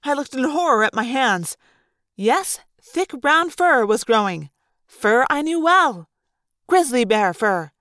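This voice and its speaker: A woman narrating a novel aloud in first person with expressive storytelling. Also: high voice, slow, no echo, clean studio sound. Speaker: audiobook reader.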